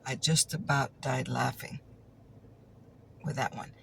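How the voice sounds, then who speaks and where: A woman's voice: a bass voice, fairly even intonation, slow, gravelly, long pauses, slight background noise. A woman telling a chatty ASMR story, teasing and repeating her punchlines, sometimes dropping into a whisper.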